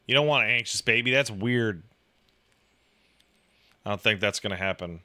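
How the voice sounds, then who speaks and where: Bright-voiced, animated, swearing man. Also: lowish voice, moderate pace. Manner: profane, animated storytelling with lots of "like". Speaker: podcast talker, new father. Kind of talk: casual chat.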